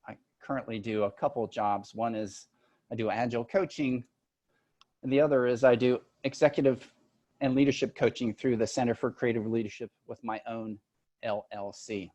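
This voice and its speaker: Guy presenting a webinar over zoom, chatty, cracks little jokes, mid-pitched voice. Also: fairly even intonation, moderate pace, darkish tone. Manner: conversational, joking asides. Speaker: agile and leadership coach, webinar presenter. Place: video call. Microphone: computer mic on a video call.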